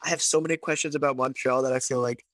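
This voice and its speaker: Fast-talking, excited man chatting. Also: medium pitch, dry recording. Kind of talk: casual chat.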